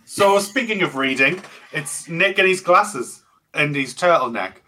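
Bright-voiced British man hosting. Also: fairly high pitch, animated, unhurried, a little hiss or hum. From Britain. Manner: teasing, introduces guests with jokes. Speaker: podcast host. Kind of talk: casual chat.

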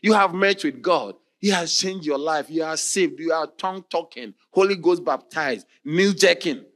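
A man preaching a passionate sermon, moving between quiet talk and shouted exclamations. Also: on the high side, normal speed.

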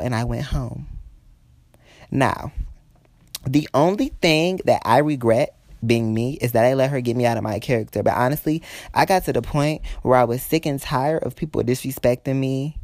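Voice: mid-range voice, a little mellow, no room sound, clean studio sound. A person telling a workplace story to viewers, heated and blunt, swearing freely. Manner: speaks straight to viewers. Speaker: vlogger telling a work story. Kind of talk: storytime venting to the camera.

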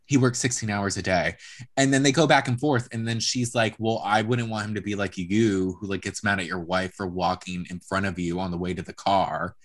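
Woman co-host, casual recap chat, profane, lively storyteller. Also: a bass voice, fairly quick. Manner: chatty, swears, acts out quotes. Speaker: podcast co-host.

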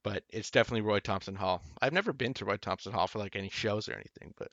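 A man's voice: on the low side, racing, fairly bright tone, no echo, dull audio. Laid-back Toronto man rambling. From Toronto, Canada. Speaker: podcast co-host. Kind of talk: casual chat.

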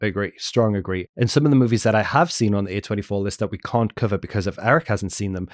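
A man's voice: lowish voice, fast talker, dry recording. Chatty man, dry close sound. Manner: chatty, opinionated, animated asides to listeners. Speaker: podcast co-host. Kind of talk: casual movie-ranking chat.

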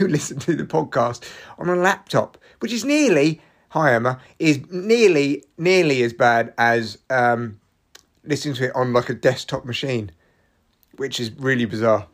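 A man, a comedian hosting his own podcast, rambling solo with hyper energy, restarts and excited jumps in his voice. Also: mid-range voice.

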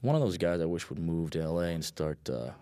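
A man's voice: low-pitched, expressive, fairly quick, mellow. A man, a film director, giving loose, rambling commentary on his own film, full of fillers and blunt asides. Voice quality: rambling, lots of fillers, laid-back and blunt.

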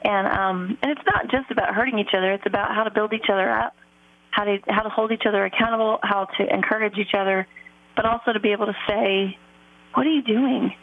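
A woman's voice: medium pitch, fairly even intonation, fast talker, no echo. A woman guest telling her own story in an earnest, reflective way, speaking about faith with many fillers. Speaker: podcast guest, author and singer. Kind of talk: heartfelt personal storytelling in an interview. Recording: phone-like narrow line.

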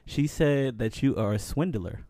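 On a casual podcast, a young male co-host tells stories in a mellow, mid-range voice at a normal speed, often warming up with "man, listen" and coming back to "you know what's so crazy." The sound is clean studio audio without any room sound.

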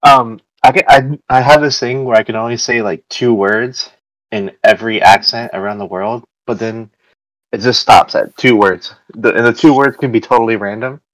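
A man's voice: medium pitch, steady tone, normal speed, fairly bright tone, no room sound, rough recording. A man, hosting a casual chat in a rambling way with many fillers. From United States. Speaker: podcast host.

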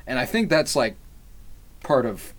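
A man's voice: mid-range voice, big pitch swings, measured pace. A man co-hosting a podcast, recapping a TV episode in casual chat, laughing often and swearing freely. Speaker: podcast co-host.

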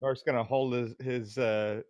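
A man playing a tabletop game, describing his character's actions in a wry, deliberate way. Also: medium pitch, fairly even intonation, a little mellow, no echo, dull audio. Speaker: player. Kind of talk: casual tabletop role-play.

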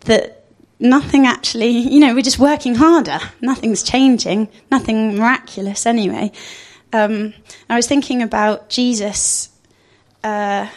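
A woman's voice: on the high side, measured pace, a little mellow. A woman giving an informal sermon, chatty and thinking aloud with frequent fillers. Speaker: speaker giving a church talk.

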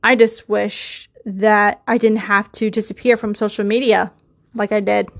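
A woman's voice: medium pitch, little pitch movement, a little slow, gravelly. A young woman hosting a solo podcast, talking in an emotional, insistent way and swearing often. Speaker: podcast host.

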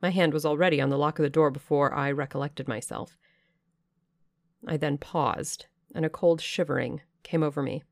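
A woman narrating a classic novel aloud on a close mic, with expressive, dramatic pacing. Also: sits low, normal speed, no echo. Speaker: audiobook reader.

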